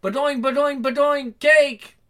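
A man's voice: very high-pitched, fairly even intonation, a little slow, fairly bright tone. A man voicing a childlike, simple-minded hero in a game who repeats himself and shrieks. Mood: bouncy. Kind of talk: game cutscene acting.

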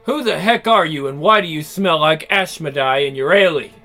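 A man's voice: on the high side, normal speed, pushed and bright, faint music behind. A man doing a fierce threatening goddess warrior woman. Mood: hostile. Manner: threatening, snarling.

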